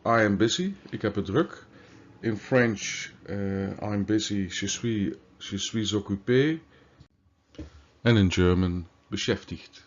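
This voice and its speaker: A man, a native Dutch speaker, giving a slow, deliberate grammar lesson with occasional fillers and self-corrections. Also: on the low side. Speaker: language teacher. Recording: dull lo-fi recording.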